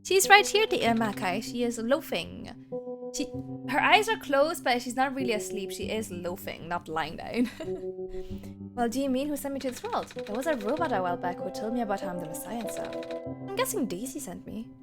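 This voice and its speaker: Young woman, streamer, bubbly, rambling, slightly high voice, game music behind. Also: very animated, moderate pace. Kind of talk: casual gameplay commentary.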